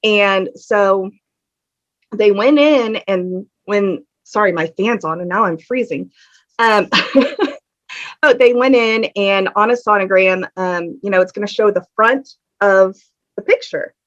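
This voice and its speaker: A woman with a mid-range voice speaks slowly as a podcast guest, telling her story in an earnest, open way and saying um a lot. The talk is a casual interview. Dull, lo-fi audio captures her in a home room where a fan is running.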